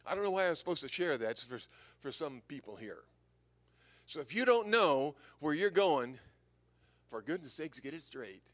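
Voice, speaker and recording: An older man giving an anecdotal sermon as a visiting preacher, telling stories in a lively way and chuckling at his own jokes. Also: on the high side, moderate pace.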